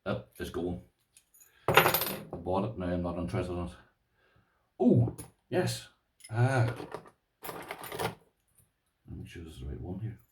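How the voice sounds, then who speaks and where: A man's voice: deep voice, measured pace, pauses often, reverberant, recorded from a distance, very noisy. An Irish man with a rambling, chatty manner, showing his lock collection to viewers and calling them "boys". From Ireland. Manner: rambling, talks to viewers as "boys", uses "this here". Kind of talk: casual show-and-tell to camera.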